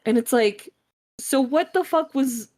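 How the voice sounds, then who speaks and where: A woman co-hosting a book club podcast in casual chat, animated, swearing freely and laughing as she retells scenes. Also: sits high, a little slow.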